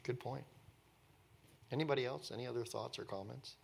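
A man's voice: medium pitch, brisk, vocal fry, a little hiss or hum. A man leading a Bible study, telling the story with enthusiasm and acting out the quotes. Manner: acts out quotes and laughs often.

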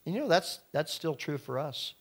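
A man's voice: fairly high pitch, big pitch swings, normal speed, slightly rough. A man preaching a sermon in numbered points, acting out quoted voices along the way. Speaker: pastor.

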